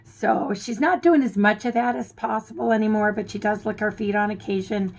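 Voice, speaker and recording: A middle-aged woman talks casually to her viewers, her voice still a little hoarse as it comes back. She rambles from one aside to the next at an ordinary pitch. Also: fairly quick, rough recording. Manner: chatty, rambling, drifts into asides. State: recovering from hoarseness. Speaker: vlogger. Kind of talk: casual chat to camera.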